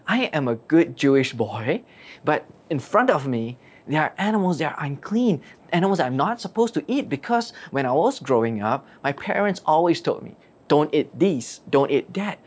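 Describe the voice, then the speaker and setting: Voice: medium pitch, very animated, normal speed. Someone voicing a confused devout man. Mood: protesting.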